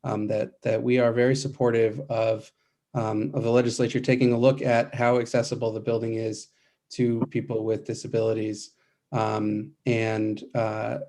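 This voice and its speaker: A man, a nonprofit policy advocate, giving formal testimony, measured, with frequent hesitations. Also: medium pitch, level tone, mellow. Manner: measured, many uh fillers.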